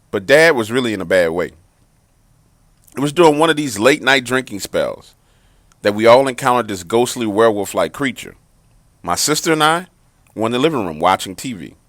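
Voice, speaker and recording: A man in scripted horror narration, dramatic, with pauses and sudden emphasis. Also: on the low side, a bit bright, no room sound, studio quality. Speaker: storyteller. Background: faint background music.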